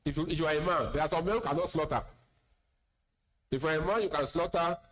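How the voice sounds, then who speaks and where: A Nigerian-accented man preaching as an imam, his voice sitting somewhat high for a man. He talks plainly, repeats words for emphasis and slips in teasing asides to his listeners. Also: quick pace, a bit bright, poor audio. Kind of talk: sermon lecture.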